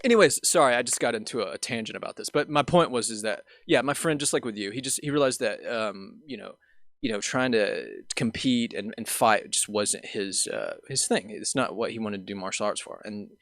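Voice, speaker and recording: A man's voice: fairly low pitch, brisk, a bit bright, dry recording, studio quality. A man hosting a podcast, telling a long story in a casual, rambling way full of fillers and restarts. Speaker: podcast host.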